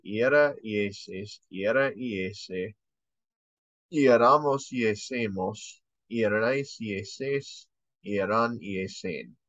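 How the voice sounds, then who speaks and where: A man's voice: on the low side, bright, forceful tone, no room sound. A man teaching a casual language lesson, drilling verb forms aloud and correcting himself as he goes. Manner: slow, drills conjugations aloud, corrects himself mid-sentence. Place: home room. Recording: dull lo-fi home recording.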